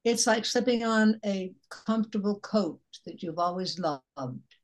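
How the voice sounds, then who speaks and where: Older woman, husky voice, actress guest, animated storyteller. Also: mid-range voice, measured pace. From Chicago area. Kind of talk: casual interview chat.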